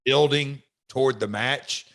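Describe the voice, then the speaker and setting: A middle-aged man, a wrestler hosting a podcast, telling a story in a reflective, halting way. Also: mid-range voice, gravelly, a bit bright. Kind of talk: casual podcast chat.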